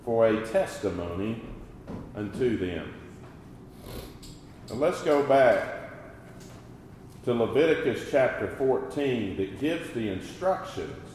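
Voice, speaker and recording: Delivering a sermon in a mid-range voice, a man preaches unhurriedly and deliberately, rising and falling in volume to stress his points. A faint ambient hum lies beneath audio so reverberant it suggests a large hall.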